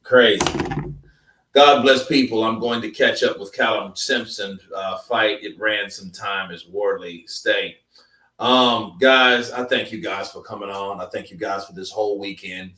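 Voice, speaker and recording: Rambling, low-voiced male stream host. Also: unhurried, bright, forceful tone, reverberant, recorded from a distance. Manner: loose, rambling, slangy talk. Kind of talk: casual chat.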